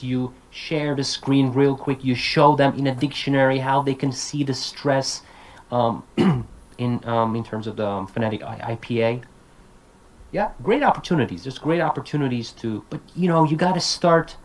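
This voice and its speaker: A man lecturing language teachers over a video call. He talks with casual, energetic directness and repeats himself. He keeps saying sample words aloud as if drilling a class, in a middle-pitched voice. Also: rough recording. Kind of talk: online talk to language teachers.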